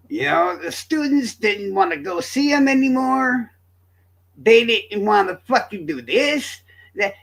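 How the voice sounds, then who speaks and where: Profane high-voiced man. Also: a bit bright. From Florida. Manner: profane, rambling, joking. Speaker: streamer. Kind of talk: crude casual commentary.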